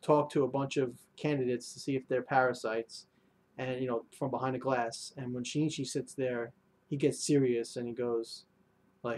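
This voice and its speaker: A man's voice: mid-range voice, fairly even intonation, moderate pace, a little mellow. A young man reviewing an anime episode in a casual, rambling way, full of fillers and restarts.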